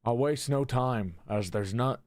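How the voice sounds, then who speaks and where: A man's voice: medium pitch, measured pace, a little mellow. A man chatting on a live stream, swearing freely, laughing often and correcting himself as he goes. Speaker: streamer and game player. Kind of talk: casual live-stream chat. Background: faint game soundtrack music.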